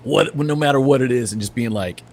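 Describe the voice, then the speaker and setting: A man's voice: medium pitch, brisk, a little mellow. Laid-back man in casual podcast chat. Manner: laid-back, lots of "dude" and "you know". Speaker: podcast co-host.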